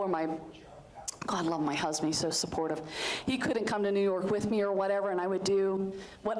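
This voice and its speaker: A woman's voice: medium pitch, rough recording. A middle-aged woman from Western Pennsylvania, hosting a community show and telling personal stories in a chatty, rambling way. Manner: chatty and warm-hearted, rambling with many asides and fillers. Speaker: host of a community access style show. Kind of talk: casual storytelling to a group.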